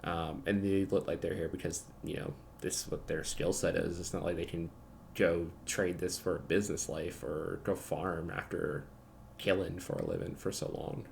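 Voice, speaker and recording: Low, gravelly male game master, casual and chatty. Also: steady tone, moderate pace, slight background noise. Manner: casual, lots of ums and likes. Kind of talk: narrating a tabletop game.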